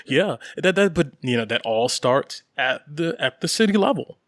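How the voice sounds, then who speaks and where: A man's voice: a little high, moderate pace, dry recording. Brief: male podcast co-host, loose and rambly, chuckles mid-sentence, dry close sound. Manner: rambling, many fillers and repeats; animated, laughs while talking. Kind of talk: casual chat.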